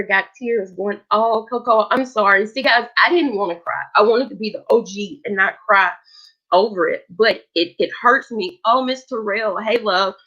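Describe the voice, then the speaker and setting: A woman's voice: medium pitch, a bit bright. Female livestream host, heartfelt and emotional, casual chat on dull lo-fi audio. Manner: emotional, heartfelt, talks straight to viewers.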